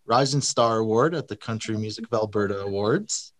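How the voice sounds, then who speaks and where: A man's voice: on the low side, fairly quick, dry recording. A man hosting an interview, asking short friendly questions with the odd "uh". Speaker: interview host.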